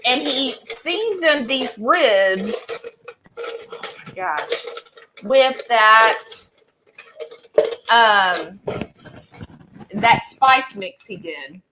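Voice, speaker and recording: A woman's voice: fairly high pitch, very animated, extremely slow, long pauses, background noise. A woman co-hosting a cooking video from her home kitchen, chatting casually and reading viewer comments. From Texas. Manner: chatty, says "y'all" often. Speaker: cooking channel co-host.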